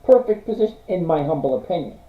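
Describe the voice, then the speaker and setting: Middle-aged guy chatting on a stream, kinda high voice, echoey muffled audio. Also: big pitch swings, quick pace. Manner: chatty, reads out viewer comments, apologetic refusals. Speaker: livestream host reviewing stocks. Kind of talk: casual livestream chat with viewers. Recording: roomy, dull lo-fi stream audio.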